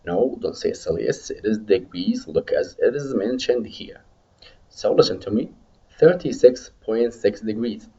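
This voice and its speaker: A man teaching medical English in a recorded lecture, modelling numbers slowly for students to repeat after him. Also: lowish voice, lively intonation, dark tone, highs cut off.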